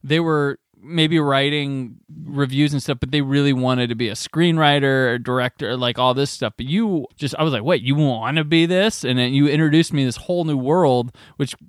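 A man's voice: medium pitch, steady tone, moderate pace, hardly any pauses, smooth, no room sound, studio quality. A man from the Midwest US hosting a podcast, telling stories in a casual chat and laughing along the way. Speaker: podcast host.

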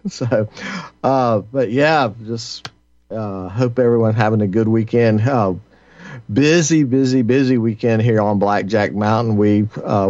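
Guy filling in on talk radio, lowish voice, lots of uhs, kinda sardonic, dry muffled sound. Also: darkish tone, no room sound. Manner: halting, many filler pauses. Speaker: fill-in radio host.

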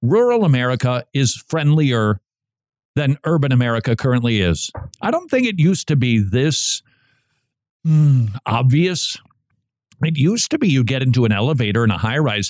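Animated male talk radio host. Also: mid-range voice, normal speed, dry recording, studio quality. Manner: animated, jokey, acts out quoted chatter.

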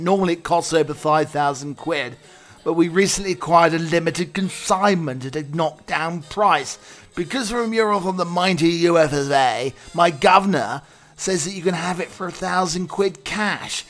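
A man's voice: fairly high pitch, lightly acted. A man putting on the voice of a pompous, smarmy upper-class whisky salesman with an overdone plummy drawl.

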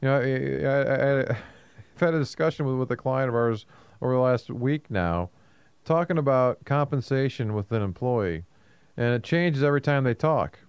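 A man in casual talk, chatty and quick to laugh, stumbling over repeated words. His voice is smooth and resonant, mid-pitched, and the recording is dry and close. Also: animated, dry recording. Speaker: co-host.

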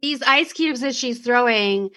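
A woman's voice: on the high side, a little slow, sharp tone, dry recording. A woman co-hosting a podcast who adds vivid, joking details in casual chat. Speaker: podcast co-host.

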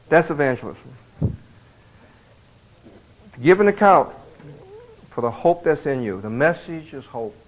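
Middle-aged man, retreat speaker, folksy storytelling, animated, slightly high voice. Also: poor audio. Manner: folksy, animated storytelling, many fillers and restarts. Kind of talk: conversational sermon with acted anecdotes.

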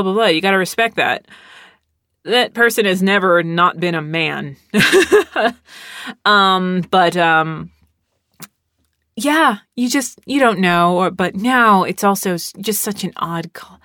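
A woman's voice: lowish voice, fairly bright tone, no echo, clean studio sound. A young adult woman hosting a podcast, talking casually in a rambling, sarcastic way with lots of fillers. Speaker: podcast host. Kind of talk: casual solo podcast talk.

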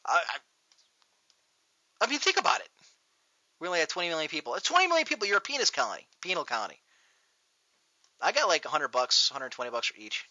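A man hosting a show, ranting loudly and profanely in a mocking tone, recorded on dull lo-fi audio. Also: a little high, sing-song, a little fast, long pauses, no echo. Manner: loud, profane, mocking rant. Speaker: podcast host. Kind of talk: ranting comedic talk show.

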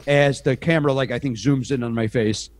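A middle-aged man chats as a podcast guest, spinning self-deprecating stories with frequent restarts and asides. His voice sits at an ordinary middle pitch. The sound is dry and close, with no room echo. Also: brisk, a little mellow. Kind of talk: casual anecdotal storytelling.

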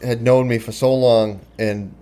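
A man in his thirties from Boston, with a Boston accent, telling his story in halting, casual talk that repeats words. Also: mid-range voice, fairly even intonation, warm tone. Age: 30s. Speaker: podcast guest in recovery.

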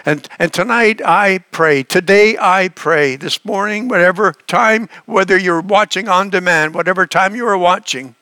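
A man's voice: sits high, normal speed, hardly any pauses, sharp tone, smooth, no echo. A man preaching a sermon, earnest and emphatic, asking the listeners questions and often restarting his phrases. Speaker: pastor.

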